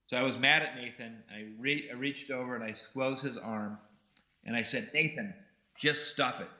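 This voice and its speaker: Male keynote speaker, bright, forceful tone, earnest storytelling, echo of a big room. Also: medium pitch, fairly even intonation, moderate pace. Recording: roomy hall echo.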